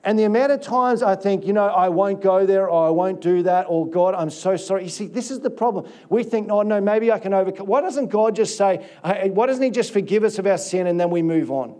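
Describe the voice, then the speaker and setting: A man's voice: high-pitched, fairly quick, hardly any pauses, dark tone. A middle-aged man, a guest pastor giving a sermon, telling confessional stories with many restarts.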